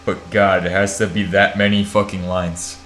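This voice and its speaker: Low-voiced, sleepy American man streaming. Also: level tone, moderate pace, fairly bright tone, slight background noise. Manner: thinks aloud while typing, swears, self-mocking. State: half asleep. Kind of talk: casual live-stream chat.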